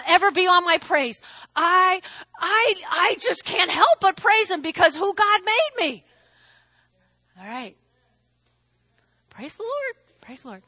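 Woman pastor, high bright voice, emphatic sermon delivery with quiet asides and shouted peaks, dry close sound. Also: no room sound, rough recording. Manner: emphatic, swings between hushed asides and shouted declarations. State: hot and sweating.

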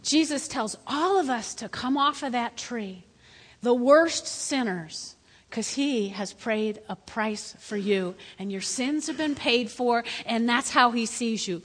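A woman pastor preaching a lively sermon in church, swinging between loud calls and hushed asides. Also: a little high, slow. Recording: echoey hall.

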